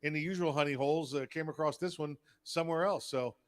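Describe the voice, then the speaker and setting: A man's voice: a little high, fast. Agreeable male podcast co-host. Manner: frequent short agreeing interjections. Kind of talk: casual political podcast talk.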